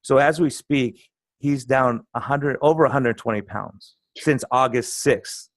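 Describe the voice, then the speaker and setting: A middle-aged man, a doctor, telling patient stories in a casual interview with lively, animated delivery. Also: medium pitch, unhurried, no room sound. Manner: animated storytelling, acts out quoted patients. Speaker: internal medicine doctor, guest.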